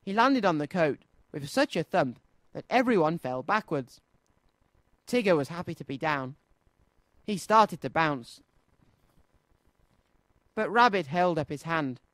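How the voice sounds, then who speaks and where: A man presenting a children's radio show, reading a storybook aloud in an expressive, sing-song way. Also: a little high, a little slow, pauses often, no room sound.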